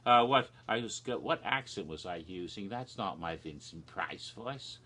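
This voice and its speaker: A man delivers a rambling comedic monologue with deadpan humor, stumbling over his words now and then. He talks slowly, and his voice is bright and edged with tension. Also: sits low. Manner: rambling, absurd deadpan humor with frequent restarts. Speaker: video creator. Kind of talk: comedic monologue of made-up haunted houses.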